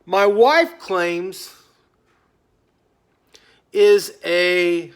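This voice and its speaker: A man in a rambling, casual rant to his phone camera at home, often stopping himself and trailing off into quiet mutters. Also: high voice, drawn-out words, smooth. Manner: talkative, self-interrupting, drifts off into quiet mutters. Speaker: vlogger. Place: at home on a couch.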